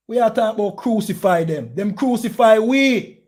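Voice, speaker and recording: A Jamaican man preaching with fierce, confrontational energy, hammering his points through repetition. His voice sits high for a man, yet the tone stays dark and mellow. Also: expressive, moderate pace. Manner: forceful, confrontational, repeats phrases. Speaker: street preacher. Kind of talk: heated street preaching.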